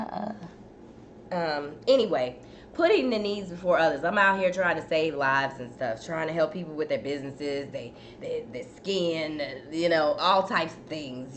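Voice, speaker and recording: A woman hosting a casual live chat, talking straight to her viewers and fighting a cough from a dry throat. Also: lowish voice. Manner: chatty, addresses viewers as "y'all". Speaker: host. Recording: faint background noise.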